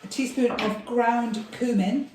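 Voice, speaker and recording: A patient woman coaches a cook through a recipe in a home kitchen. Her voice is mellow and sits a little back from the microphone. The room is very echoey, with a faint noise behind her. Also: a little high, steady tone, measured pace, far from the mic. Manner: patient, coaxing. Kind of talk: casual instructions while cooking.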